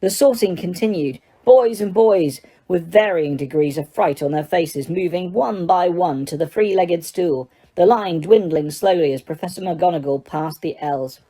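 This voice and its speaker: A woman narrating an audiobook in a steady reading voice, with the odd stumble. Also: on the low side, moderate pace, few pauses.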